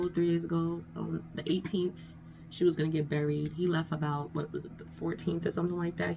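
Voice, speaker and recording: Woman, low gravelly voice, casual rambling storytime, faint background noise. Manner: rambling, conversational, frequent "you know what I'm saying". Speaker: vlogger telling a story.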